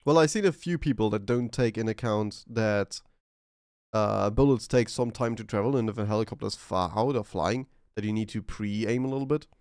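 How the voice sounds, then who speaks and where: Smooth-voiced easygoing podcast host. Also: male voice, lowish voice, normal speed, darkish tone, dry recording, studio quality. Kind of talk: casual podcast chat.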